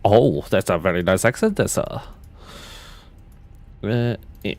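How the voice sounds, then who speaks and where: A man with a fairly low voice, casually narrating a flight simulator session on a livestream. He talks himself through each switch and check while answering viewers in a loose, rambling way, restarting his sentences often. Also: lively intonation, a little slow.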